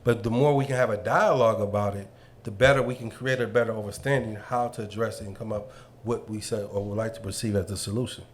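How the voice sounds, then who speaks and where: A man, speaking on a discussion panel in a measured, reflective way and restarting his sentences as he thinks them through. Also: lowish voice, steady tone, a little hiss or hum.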